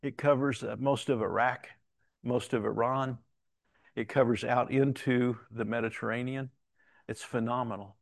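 Man, gravelly voice, rambling anecdote, dry recording. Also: medium pitch, fairly even intonation, moderate pace, no room sound. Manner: rambling, with restarts and quoted dialogue. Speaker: Christian speaker telling a story. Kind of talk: conversational storytelling.

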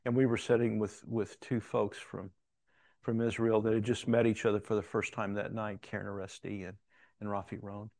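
A man's voice: lowish voice, little pitch movement, moderate pace, a little mellow, dry recording. A man telling a personal story in a conversational, rambling way, with restarts and quoted dialogue. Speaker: Christian speaker telling a story.

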